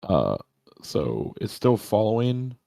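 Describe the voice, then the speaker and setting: A man playing in a tabletop role-playing game, explaining his character's actions in a hesitant, halting way. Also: fairly low pitch, big pitch swings, creaky, mellow, no echo. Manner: hesitant, halting, with many fillers. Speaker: player. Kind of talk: tabletop role-play chat.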